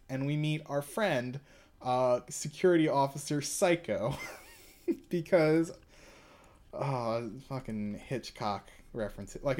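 A man's voice: medium pitch, a little mellow. A young man co-hosting a podcast, chatting casually and reading a manga aloud with lots of fillers. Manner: rambling, with many fillers. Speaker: podcast co-host.

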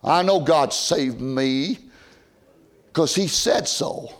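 High-voiced older preacher, shouting and hushed. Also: male voice, slow pace. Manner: swings from loud shouted emphasis to low quiet asides. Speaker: pastor. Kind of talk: old-time sermon. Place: church pulpit.

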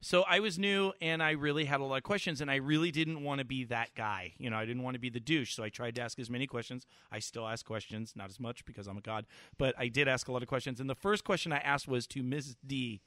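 Brash, bright-voiced man podcast host. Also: mid-range voice, dry recording. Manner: excitable, profane storyteller, fast and loud. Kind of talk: casual chat.

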